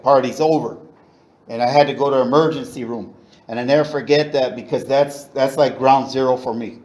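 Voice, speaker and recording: A man's voice: mid-range voice, darkish tone, rough recording. A middle-aged man from East Los Angeles, sharing his story candidly at a recovery meeting. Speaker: AA meeting speaker.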